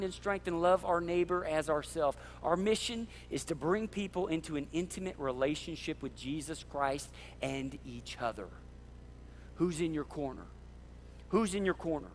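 A male pastor preaching a sermon, fired up and passionate, half yelling. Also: high voice. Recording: long hall reverb.

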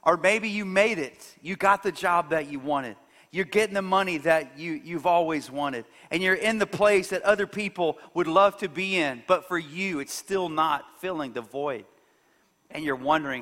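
A man preaching a sermon, retelling a story with sudden swings from soft to loud. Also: a little high, normal speed, in a large hall.

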